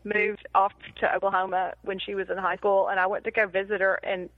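A woman co-hosting a casual podcast over an online call, quick and animated, often giggling. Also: mid-range voice, dry recording, phone-quality sound. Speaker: podcast co-host. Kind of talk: casual chat.

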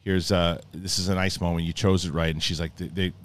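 Rambling male reviewer, low voice. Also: level tone, brisk. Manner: rambling, acts out scenes in mock voices. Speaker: show reviewer. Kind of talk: casual review commentary.

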